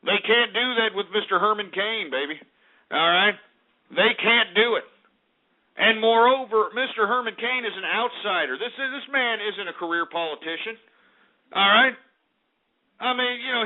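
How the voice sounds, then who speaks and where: High-voiced ranting talk radio host. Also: male voice, moderate pace. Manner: combative and ranting, with many repeated "all right?". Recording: tinny phone-like audio.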